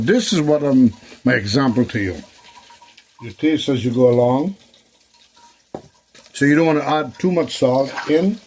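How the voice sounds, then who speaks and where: Man with a mid-range voice, relaxed chatty cooking host talking viewers through each step. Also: medium pitch, a little slow, pauses often, a little hiss or hum, low-quality recording. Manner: chatty, repeats phrases, talks to viewers as folks. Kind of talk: casual cooking demonstration. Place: kitchen.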